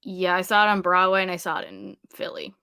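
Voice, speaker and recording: A woman's voice: on the low side, little pitch movement, brisk, creaky, bright, forceful tone, clear, resonant tone, dry recording, clean studio sound. Wry laughing woman podcast co-host. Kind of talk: casual chat.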